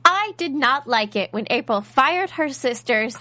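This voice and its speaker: A woman co-hosting a casual TV recap podcast, talking in a lively way and calmly laying out her view. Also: high voice, measured pace. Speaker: podcast co-host.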